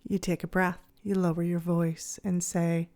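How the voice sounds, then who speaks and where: A woman hosting her podcast, narrating in a calm, gentle, measured way. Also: lowish voice. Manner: gentle, soothing, measured delivery. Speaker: podcast host.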